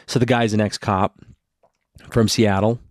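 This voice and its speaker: A man's voice: on the low side, fairly even intonation, measured pace, no room sound, studio quality. A man co-hosting a casual podcast as a parent, telling rambling stories and swearing freely.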